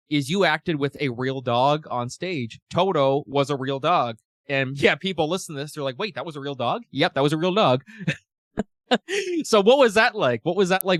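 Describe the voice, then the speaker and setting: A man hosting a podcast, talking in a rambling, animated way with many restarts. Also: mid-range voice, no echo, studio quality. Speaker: podcast host. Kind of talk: casual interview.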